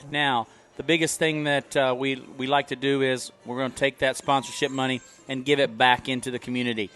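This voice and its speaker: A man's voice: medium pitch, flat delivery, fairly quick, a bit bright. A man co-hosting a local sports talk show, explaining sponsorships in a loose, rambling way with many fillers. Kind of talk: casual talk show chat.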